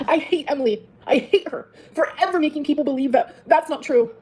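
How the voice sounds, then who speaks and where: Woman streamer venting fast and furious, a little high-pitched and sweary. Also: darkish tone, a little hiss or hum, low-quality recording. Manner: heated, profane, venting. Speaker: livestreamer. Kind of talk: angry livestream rant.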